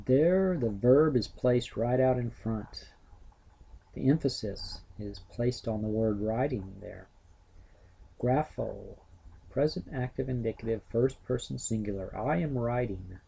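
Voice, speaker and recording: Slow, gravelly, dark-voiced man teaching. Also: medium pitch, low-quality recording. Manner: slow, methodical, parsing word by word. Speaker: Greek teacher. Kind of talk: classroom grammar lesson.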